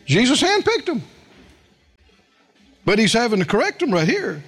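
High, animated preacher man. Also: normal speed, breathy edge. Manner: storytelling with acted quotes, asks the congregation questions. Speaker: pastor. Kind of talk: sermon.

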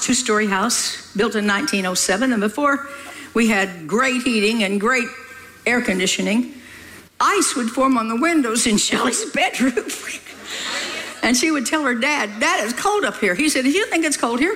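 An older woman preaching a sermon, lively and exclamatory, with playful asides and stories from her family life. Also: on the high side, rough recording.

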